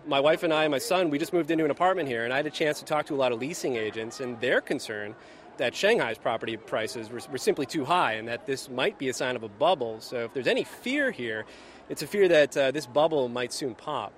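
A man reporting for the radio from outdoors at a busy expo, describing the scene in a relaxed way with fillers. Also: medium pitch, fairly quick, slight background noise. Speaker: reporter, bureau chief.

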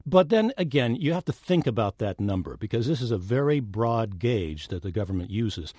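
A man's voice: fairly low pitch, big pitch swings, normal speed, mellow, slightly rough, dry recording, studio quality. Jovial man business correspondent. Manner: jovial, explanatory. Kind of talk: public radio business news banter. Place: radio studio.

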